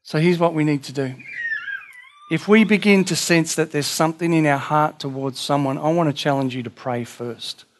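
A man's voice: on the high side, moderate pace, a little hiss or hum. A man preaching a sermon in an earnest, conversational way, acting out little dialogues as he goes. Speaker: pastor.

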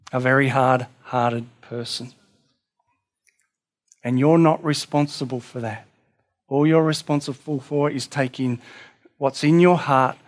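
A man preaching a sermon in an earnest, conversational way, acting out little dialogues as he goes. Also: mid-range voice. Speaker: pastor.

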